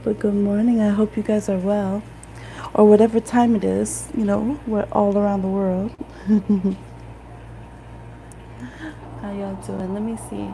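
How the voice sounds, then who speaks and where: Slow, gravelly Midwestern woman live-streaming. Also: medium pitch, level tone, dark tone, poor audio. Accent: Midwestern American. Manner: chatty, laughs often, greets viewers. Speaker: tarot reader hosting a live stream. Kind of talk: casual live-stream chat. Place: home, room with a lamp, rain outside. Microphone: phone. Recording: home phone stream with rain noise.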